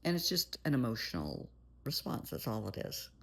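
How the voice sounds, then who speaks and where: A woman's voice: a bass voice, big pitch swings, moderate pace, vocal fry, slightly rough. A woman therapist giving blunt, plain-spoken advice in a monologue, calling the listener "honey". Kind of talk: motivational monologue.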